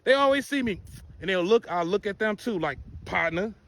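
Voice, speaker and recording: A man telling a profane, animated personal story in casual storytime style. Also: sits high, brisk.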